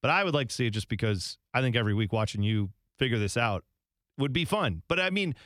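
A man's voice: medium pitch, animated, fast, fairly bright tone, no echo, studio quality. A man co-hosting a soccer podcast in casual, rambling chat, laughing often and slipping into mocking quote voices. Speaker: podcast co-host.

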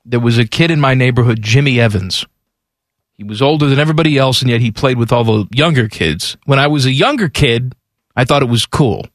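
A man's voice: mid-range voice, brisk, dry recording, clean studio sound. A man with a Chicago accent co-hosting a podcast, joking in casual sports banter. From Chicago area. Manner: joking, lively, playful voices. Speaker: podcast co-host.

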